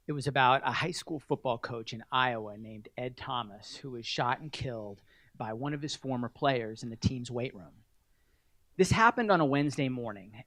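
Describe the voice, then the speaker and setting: A man's voice: mid-range voice, fairly bright tone, no room sound. A middle-aged man giving an award acceptance speech at a podium, telling wry, self-deprecating stories.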